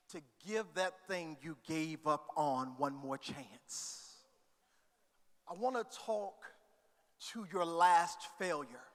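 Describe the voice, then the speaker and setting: A male pastor, preaching a sermon that goes from quiet reading to shouting. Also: fairly high pitch. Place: church hall. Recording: long reverb of a church hall.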